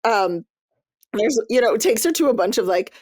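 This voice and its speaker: A woman hosting a podcast, chatting casually about books she read, lively and loose, cursing freely as she goes. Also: fairly high pitch, moderate pace, no room sound, clean studio sound. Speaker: podcast host. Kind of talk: casual book review chat.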